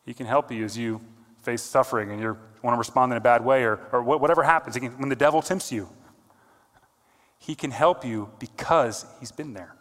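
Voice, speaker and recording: A man's voice: medium pitch, fairly quick. Man preaching in a reverberant hall. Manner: earnest, builds to emphatic peaks then drops quiet. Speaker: pastor. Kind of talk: sermon.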